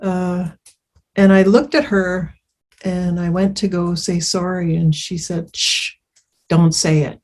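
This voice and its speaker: A woman's voice: lowish voice, fairly even intonation, slow pace, darkish tone. A woman telling her personal recovery story in a candid, rambling way. She swears freely and often circles back with fillers and restarts. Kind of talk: personal testimony.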